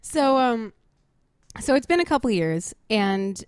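A woman co-hosting a casual podcast chat, telling stories in a lively way, swearing freely and acting out what people said. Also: a little high, takes it slowly, smooth, no echo, clean studio sound. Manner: animated storyteller, swears freely, acts out quotes. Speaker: podcast co-host.

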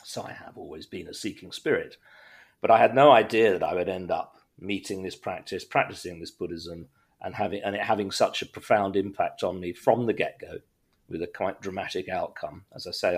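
Middle-aged male guest, low husky voice, chatty storyteller with dry humour who restarts his sentences often. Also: a little fast. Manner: rambling, self-interrupting, frequent restarts and wry humour. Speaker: podcast guest, writer. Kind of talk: casual conversational storytelling.

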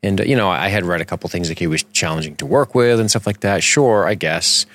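Deep-voiced man in casual podcast banter. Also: fast talker, fairly bright tone. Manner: rambling, profane, jokey. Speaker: podcast co-host. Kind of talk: casual film podcast chat.

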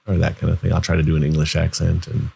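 A man with a deep voice co-hosting a podcast in relaxed, joking chat. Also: fast, creaky, husky. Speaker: podcast co-host.

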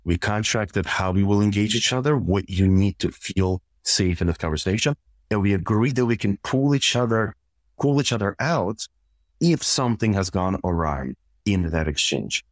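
A man, a couples therapist, calmly explaining communication steps in a podcast interview and acting out example exchanges. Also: on the low side, moderate pace, dry recording. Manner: calm, methodical, walks through numbered steps and acts out example exchanges.

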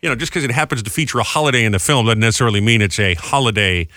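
A man's voice: medium pitch, racing, bright, forceful tone, dry recording, studio quality. A man hosting a radio show, chatting casually and reading out news items with jokes. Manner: chatty, jokey, reads news items aloud. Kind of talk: casual morning show banter.

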